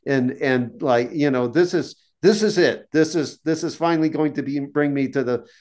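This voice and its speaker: A boastful male wizard, put on by a man retelling a joke, slightly raised in pitch and full of himself. He sounds indignant whenever he is questioned. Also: normal speed, a little mellow, natural voice. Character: cocky male wizard boasting about his order.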